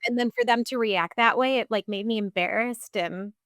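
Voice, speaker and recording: A woman's voice: on the high side, moderate pace, a bit bright, clean tone, dry recording, clean studio sound. A woman in her thirties, a podcast guest telling her personal story in a casual, chatty way full of fillers.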